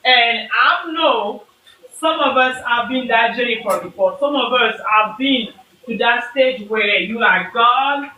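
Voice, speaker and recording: A woman's voice: on the high side, a little slow, pushed and bright, a little hiss or hum. A woman hosting a live talk as a coach for mothers, speaking earnestly and repeating her points, greeting viewers by name. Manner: repetitive, earnest, preachy. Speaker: host and mom coach. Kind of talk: motivational live-stream talk. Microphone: phone, audio-only live.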